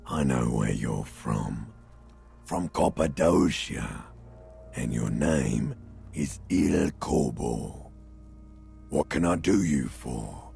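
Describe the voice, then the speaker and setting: A man voicing a dead man who teases and speaks tenderly, with a deep gravelly rasp, in improvised role-play on a game stream. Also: darkish tone, heavily acted. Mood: teasing. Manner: slow, teasing, mock-affectionate.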